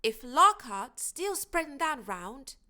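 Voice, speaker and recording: A woman reading an audiobook, voicing a teenage wizard boy who talks in a heated, quick way. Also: sits high, big pitch swings, pushed and bright, voice pushed up, exaggerated voice.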